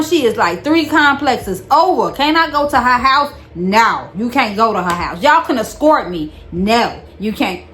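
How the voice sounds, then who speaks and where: Animated woman telling a storytime. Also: medium pitch, slight background noise. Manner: animated, swearing, repeats lines for emphasis. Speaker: vlogger. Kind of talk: casual storytime.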